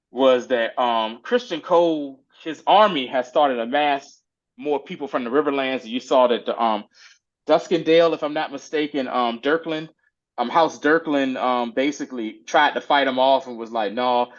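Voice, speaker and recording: In a muffled recording, a man with a mid-range voice casually recaps a TV episode with his co-host in animated, slangy chat, acting out the characters' lines in quick little voices.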